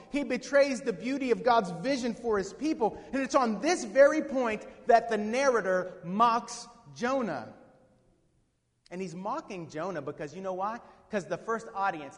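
A man preaching a sermon with dynamic swings from hushed to shouting, asking the congregation questions. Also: high voice. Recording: long reverb of a hall.

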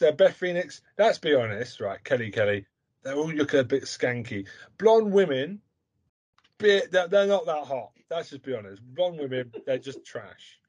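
A man hosting a podcast, talking bluntly and provocatively in crude casual chat. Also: a little high. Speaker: podcast host.

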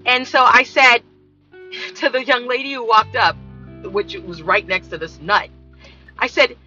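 Woman vlogging, really bright edgy voice, does all the voices in her story, dull lo-fi sound w faint music. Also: on the high side, a little slow. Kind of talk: casual storytelling monologue.

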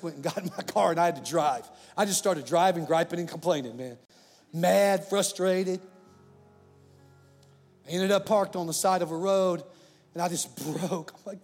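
A man preaching a sermon as pastor, animated, swinging between loud, rising passages and hushed asides. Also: sits high, in a large hall.

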